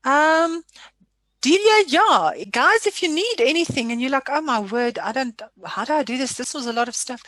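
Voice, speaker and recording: Chatty woman trainer, slightly high voice. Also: a bit bright, no room sound. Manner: chatty, apologetic, self-deprecating asides. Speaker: software trainer. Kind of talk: casual screen-share tutorial.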